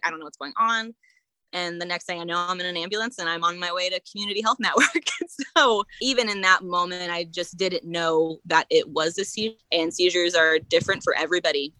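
Bright-voiced woman telling a story. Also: on the low side, no room sound, low-quality recording. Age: late 20s. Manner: animated, laughs often, many fillers. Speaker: guest sharing her story. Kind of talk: casual conversational storytelling.

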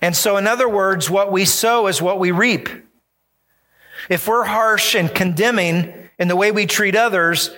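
A man's voice: high-pitched, pushed and bright. A male pastor preaching a sermon, emphatic and acting out the voices he quotes.

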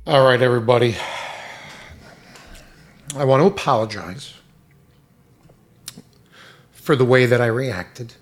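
A man who runs a restaurant, angrily venting in a loud, profane, exasperated rant. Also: mid-range voice, takes it slowly, long pauses, soft background music.

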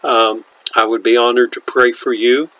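A man hosting a devotional podcast, speaking in an earnest, pastoral way with deliberate pauses, and leading a prayer. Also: medium pitch, flat delivery, a bit bright, no echo, low-quality recording. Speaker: podcast host and minister.

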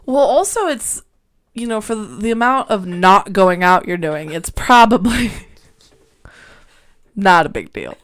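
A woman's voice: medium pitch, expressive, slow, long pauses, fairly bright tone. A woman co-hosting a podcast, chatting casually and teasing her friend, often laughing. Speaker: podcast co-host. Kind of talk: casual chat.

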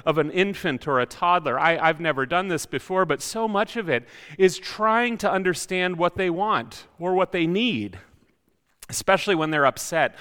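Male pastor, sermon, reflective, keeps posing questions; high voice, echoing church hall. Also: bright, forceful tone. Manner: reflective, many rhetorical questions.

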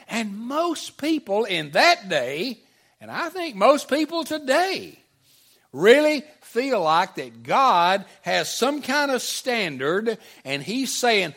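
A middle-aged male pastor delivers a sermon in an easy, conversational way, pausing to ask his listeners questions and echoing their replies. His voice sits fairly high for a man and swings widely in pitch. He speaks slowly, with frequent restarts. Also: big pitch swings, a bit bright. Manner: conversational, repeats audience answers, many restarts. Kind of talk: sermon with audience call-and-response.

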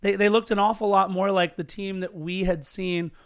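A man's voice: high-pitched, steady tone, moderate pace. A man co-hosting a casual sports podcast, telling stories in a chatty, earnest way. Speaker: podcast co-host.

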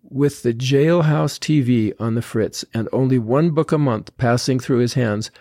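A man hosting a podcast, reading quotes from a letter aloud in a slow, earnest way with many pauses. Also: medium pitch, a little mellow, dry recording, studio quality. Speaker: podcast host.

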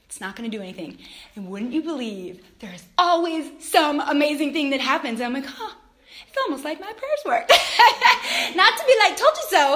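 A woman's voice: sits high, sing-song, moderate pace, bright, forceful tone. A middle-aged woman, a mother, giving a casual faith talk in a chatty way, laughing often and acting out quotes with animation. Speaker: mother and Christian speaker.

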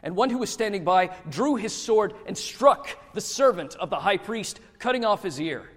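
A man's voice: high-pitched, animated, a bit bright. Man reading scripture in a reverberant hall. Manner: measured, dramatic, slow reading.

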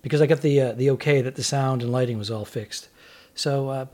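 A man co-hosting a comedy podcast, telling an animated stage story in casual chat. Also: medium pitch, brisk.

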